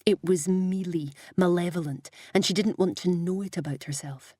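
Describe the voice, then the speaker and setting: A woman narrating a novel in a measured, even storytelling voice. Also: on the low side, no room sound, clean studio sound. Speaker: audiobook narrator. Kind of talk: scripted narration.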